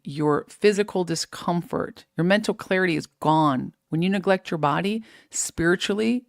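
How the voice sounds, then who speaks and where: Energetic woman hosting a live show. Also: low voice, dry recording, clean studio sound. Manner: energetic, preachy motivational, faith-based. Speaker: host of a live fitness show. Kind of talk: live-stream talk reading viewer comments.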